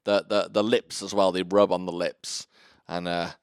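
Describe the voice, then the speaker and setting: A man's voice: low-pitched, level tone, normal speed, smooth, dry recording, studio quality. A British man with a slight lisp, hosting a podcast in a rambling, self-deprecating, joking way. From Britain. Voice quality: slight lisp from dental aligners. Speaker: podcast host. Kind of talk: casual chat.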